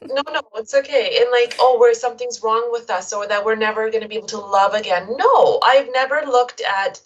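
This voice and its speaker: A woman's voice: on the high side, a little fast, muffled recording. A woman guest on a podcast, chatting casually and acting out the dialogue of a story she tells with animation. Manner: animated, acts out quoted dialogue.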